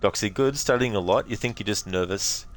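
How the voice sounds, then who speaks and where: Low-voiced Australian man chatting on stream. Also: a little fast. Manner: relaxed, rambling, laughs easily. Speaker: game streamer. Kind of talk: casual live-stream chat with viewers.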